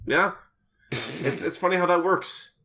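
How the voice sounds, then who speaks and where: A man's voice: high-pitched, a little slow, gravelly, pushed and bright. A man co-hosting a comedy podcast, reading fanfiction aloud with wry, laughing asides.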